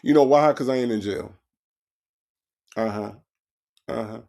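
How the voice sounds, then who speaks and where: A man's voice: medium pitch, measured pace, vocal fry, dark tone. A man hosting a true-crime comedy podcast, delivering sarcastic, profane commentary and repeating his points for effect. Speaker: podcast host.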